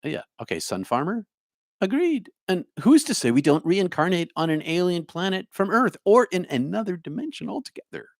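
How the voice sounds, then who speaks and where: With a high voice full of big pitch swings, a middle-aged spiritual speaker from New Jersey responds to his livestream chat at normal speed. He muses, hums to himself and greets viewers by name, recorded in studio quality without echo.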